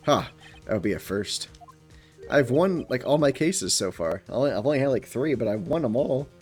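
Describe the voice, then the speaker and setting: A man's voice: mid-range voice, lively intonation, moderate pace, a little mellow, husky, faint music behind. A man streaming a game live, joking and chatting casually with his viewers.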